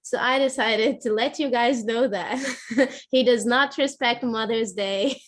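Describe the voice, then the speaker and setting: A woman hosting a club meeting, introducing speakers slowly and teasing playfully. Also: a little high. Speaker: meeting host.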